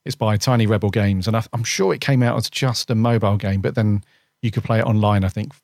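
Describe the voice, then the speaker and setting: A man's voice: lowish voice, steady tone, fast, creaky, a little mellow, no echo, clean studio sound. A man co-hosting a podcast, talking casually and hesitantly, correcting himself as he goes. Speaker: podcast co-host. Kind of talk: casual chat.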